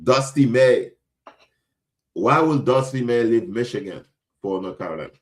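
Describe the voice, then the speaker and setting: A young adult man from Florida hosts a podcast, offering casual sports commentary in a blunt, emphatic style and often repeating himself for effect. His mid-range voice is animated, at a moderate pace.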